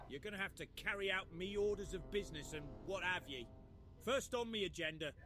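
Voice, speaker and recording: A bossy, complaining old dwarf with a high, sharp voice. He talks in a folksy dialect, reading game quests aloud in character. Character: grumbling old male dwarf quest giver with aching feet.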